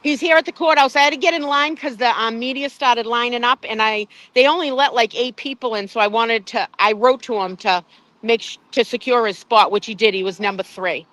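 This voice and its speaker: A woman's voice: on the high side, fairly quick, fairly bright tone, dry recording. A woman live streaming by phone outside a courthouse, chatty, greeting viewers by name and swearing casually. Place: outdoors at a courthouse.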